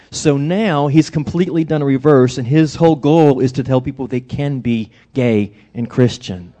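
A man's voice: mid-range voice, moderate pace. A middle-aged man, a pastor, preaching a sermon and telling stories with acted-out quotes. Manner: animated storytelling with acted-out quotes.

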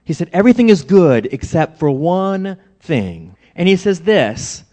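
A man's voice: high-pitched, a little slow, hardly any pauses. A middle-aged man, a pastor, preaching a sermon and telling stories with acted-out quotes. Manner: animated storytelling with acted-out quotes.

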